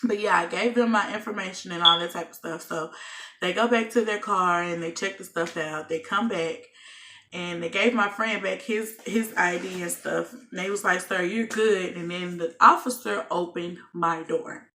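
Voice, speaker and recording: A woman's voice: lowish voice, moderate pace, a little hiss or hum. A young woman, casually telling a personal story in a vlog and acting out what people said. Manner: animated storytelling, acts out her own and others' lines. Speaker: vlogger.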